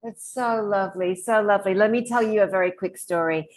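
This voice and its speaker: A woman's voice: mid-range voice, fairly quick, low-quality recording. A woman telling an anecdote casually, rambling and correcting herself as she goes. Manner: rambling, self-correcting, animated. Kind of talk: casual storytelling.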